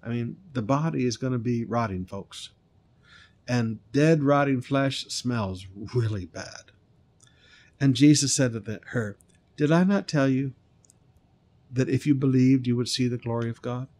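A man's voice: mid-range voice, a little slow, darkish tone. A man preaching a sermon, retelling a scripture story, stressing key lines and sometimes singing short phrases. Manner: preaching with rising emphasis, breaks into sung lines. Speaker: pastor.

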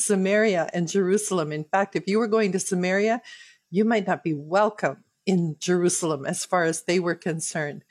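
A woman's voice: mid-range voice, darkish tone, no echo. A woman reading a Bible chapter aloud and explaining it verse by verse in an earnest, devotional way. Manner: slow, earnest, personal devotional tone. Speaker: Bible teacher.

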